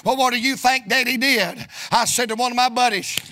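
A middle-aged preacher man with a high, ringing voice. He tells stories in a folksy, sing-song preaching rhythm and climbs into shouted bursts. His tone is bright and forceful. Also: brisk. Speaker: evangelist preacher. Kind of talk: sermon storytelling.

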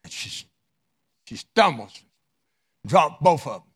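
A man preaching a sermon through a dramatic story, with his voice rising loud and dropping low. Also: sing-song, slow, slightly rough. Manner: dramatic, wide swings in loudness.

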